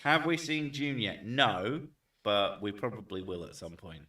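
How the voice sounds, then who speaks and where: Bright-voiced man, joking in an echoey room. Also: lowish voice, expressive, measured pace. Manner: joking, playful, swears, loud outbursts. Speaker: streamer host. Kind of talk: casual chat. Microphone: desk mic set back from him. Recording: echoey room, far from mic.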